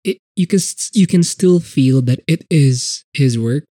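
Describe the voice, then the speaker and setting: A man's voice: fairly high pitch, measured pace, dark tone, no room sound, studio quality. A man hosting a casual solo podcast, rambling with many fillers and frequent swearing, talking with a blocked nose. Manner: rambling, profane, lots of fillers. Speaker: podcast host.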